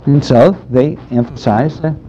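A man's voice: medium pitch, unhurried, mellow, a little hiss or hum. Man giving a dull-sounding Bible lecture. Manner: emphatic, conversational teaching with fillers. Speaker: Bible teacher.

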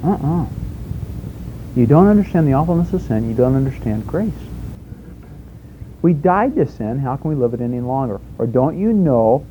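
A man's voice: medium pitch, animated, normal speed, warm tone, a little hiss or hum, rough recording. A man preaching a sermon in a conversational way, asking rhetorical questions and telling homespun stories.

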